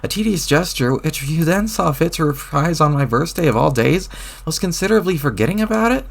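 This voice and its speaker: Man voicing a furious young woman, high and sharp, scolding and sarcastic, webcomic read-aloud, slight rasp. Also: animated, brisk. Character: exasperated young woman, fed-up friend.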